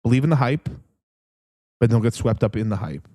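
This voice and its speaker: A young man hosting a crypto livestream in a casual, rambling chat, swearing constantly and getting excitable as he talks. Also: mid-range voice, fairly quick. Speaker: crypto stream host.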